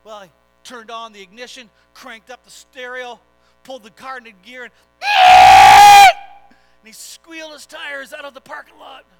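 A man's voice: very high-pitched, huge pitch swings, measured pace, gravelly, shouting, faint music behind, poor audio. A man preaching a sermon, earnest and direct, building into dramatic storytelling. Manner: earnest, swelling into dramatic retelling.

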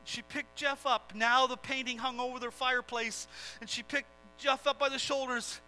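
A man preaching a sermon as a story, shifting with emphasis between a hush and a loud pitch. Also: little pitch movement, normal speed, soft background music, poor audio. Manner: emphatic, swelling from hushed to loud.

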